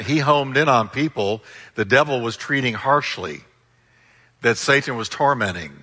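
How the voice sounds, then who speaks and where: A man's voice: mid-range voice, pushed and bright, big-room sound. A man preaching a sermon as pastor, with emphatic delivery and call-and-response with his congregation.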